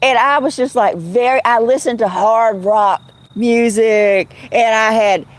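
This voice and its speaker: A woman's voice: fairly high pitch, a little slow. A middle-aged woman, hosting a casual livestream from her rural home and answering viewers by name. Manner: chatty, drawling, answers chat by name. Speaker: livestream host.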